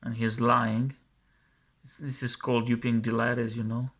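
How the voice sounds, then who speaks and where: A man's voice: medium pitch, little pitch movement, moderate pace, a bit bright, slight background noise. A man commenting scornfully over a video he plays, mocking and scolding its makers and often repeating himself.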